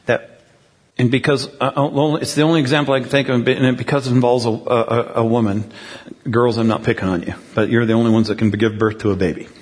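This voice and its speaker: A man's voice: medium pitch, fairly even intonation, fairly quick, big-room sound. A man preaching a sermon in a conversational way, often checking in with the congregation through questions. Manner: conversational, asks the crowd questions. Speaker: pastor.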